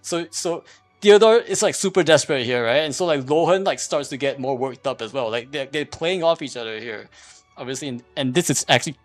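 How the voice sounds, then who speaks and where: Over soft background music and with no echo, a man with a mid-range voice streams casual commentary at a fairly quick clip. He argues a point in a meandering way, full of fillers and restarts, and keeps saying "here's the thing" as he makes it.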